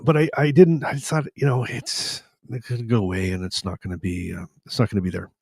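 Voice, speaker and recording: A man in his forties from Canada, hosting a live stream and candidly retelling his own story in a rambling, animated way. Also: fairly low pitch, a little fast, creaky, slightly rough, dry recording. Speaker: host.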